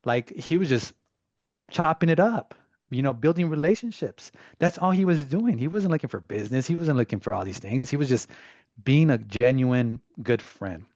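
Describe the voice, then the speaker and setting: A man telling stories in a relaxed, animated way, dropping casual slang as he talks through his experience as a real estate agent. His pitch sits in the middle for a man. The recording is dry and slightly muffled, with little room sound. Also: moderate pace, no room sound. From Southern California. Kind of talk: casual storytelling interview.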